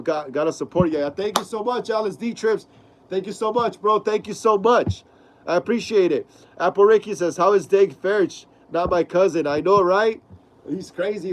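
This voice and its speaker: A man's voice: sits high, low-quality recording. A young man hosting a casual live stream, reading out viewer comments in laid-back slang with lots of fillers.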